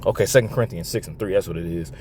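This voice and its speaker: A man reacting to a video clip, quoting scripture slowly and swearing bluntly. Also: deep voice, darkish tone, slight background noise. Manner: blunt, swears freely, reads verses slowly. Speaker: commentator.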